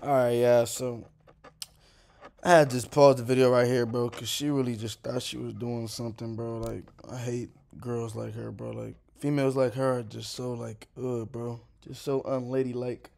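A young man in his twenties rambles through a casual vlog commentary, stacking slang and filler as he goes. His voice sits at an ordinary middle pitch. The delivery is loose and conversational. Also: little pitch movement, moderate pace, gravelly, darkish tone. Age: 20s. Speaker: vlogger. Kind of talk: casual commentary over a clip.

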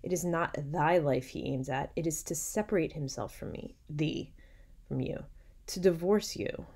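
A young woman lecturer reading a classic novel aloud, stopping to paraphrase the lines in casual, slangy asides and whispering quick side remarks. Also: sits low, gravelly, darkish tone, breathy edge. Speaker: literature lecturer.

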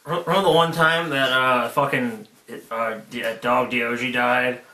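A man telling a profane family anecdote in an animated, casual way. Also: mid-range voice, a little slow. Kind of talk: casual storytelling among brothers. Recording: roomy, echoey room.

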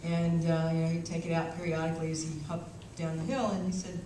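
A woman's voice: fairly low pitch, level tone, fast talker, mellow. A woman delivers a keynote as a wry, self-mocking story. Her voice sits far off in a large, reverberant hall, recorded on a small camcorder with light background noise. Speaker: keynote speaker. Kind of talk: storytelling speech.

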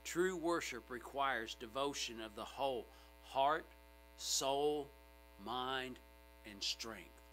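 A middle-aged male pastor preaching a sermon in a church sanctuary, emphatic and swinging from loud outbursts to hushed asides. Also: medium pitch, takes it slowly, slight background noise, low-quality recording.

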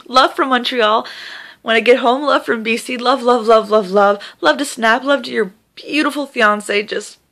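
A woman's voice: a little high, moderate pace, fairly bright tone. A young woman talking to camera from bed in an emotional casual vlog, gushing, breathless and repeating herself, with laughs breaking into her words. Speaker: vlogger. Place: in bed at home.

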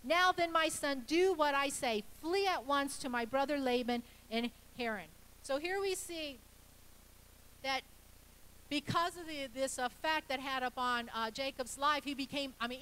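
High, bright-voiced woman pastor preaching. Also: rough recording. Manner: conversational preaching with frequent restarts and asides; acts out quoted voices in storytelling. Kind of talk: sermon.

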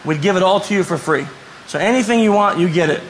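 A man giving a conference talk, telling stories in a lively way and acting out the people he quotes. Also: high voice, fast, slight background noise, low-quality recording. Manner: animated storyteller, acts out quoted voices. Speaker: conference speaker. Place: conference room before an audience.

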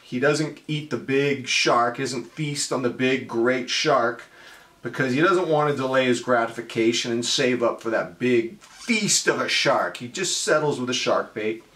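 A man talking in a casual, joking monologue, wry and self-mocking. His voice sits at an ordinary middle pitch. The recording has a roomy echo around him. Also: a little slow, fairly bright tone. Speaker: watch vlogger.

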